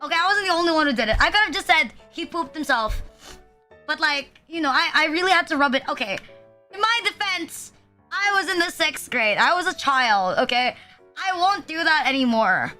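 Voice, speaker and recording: Very high, bright woman streamer. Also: lively intonation, brisk, soft background music. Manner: rambling storytelling, constant fillers, self-deprecating. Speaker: VTuber streamer. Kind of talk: casual chat stream.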